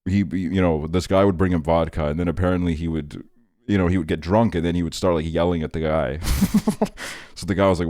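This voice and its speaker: A young man with a very low voice spins a casual personal story for his stream. He rambles with plenty of fillers and chuckles at his own tale. The sound is close and dry, with no room behind it. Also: fairly even intonation, fast talker, mellow, no room sound. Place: home streaming setup.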